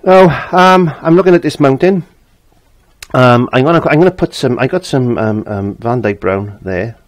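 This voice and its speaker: A man's voice: medium pitch, lively intonation, moderate pace. An older man giving a casual painting lesson, chatty and repeating his phrases as he works. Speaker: painting teacher.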